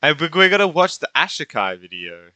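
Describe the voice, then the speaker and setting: Male streamer, out of breath, excitable, bright and lively, higher voice. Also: brisk, clean tone, no room sound, muffled recording. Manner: excitable, blurts reactions and swears. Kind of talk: casual live-stream chat while gaming.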